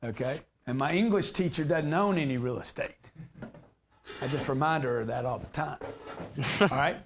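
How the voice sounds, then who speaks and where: A man's voice: fairly high pitch, normal speed, slight background noise. A man giving a live real estate seminar to an audience, brash and slangy, cracking jokes as he teaches.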